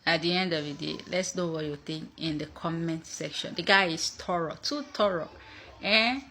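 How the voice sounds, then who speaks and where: A woman's voice: deep voice, moderate pace, bright, forceful tone, a little hiss or hum. A woman in casual chat introducing a video, playful and repeating words for emphasis.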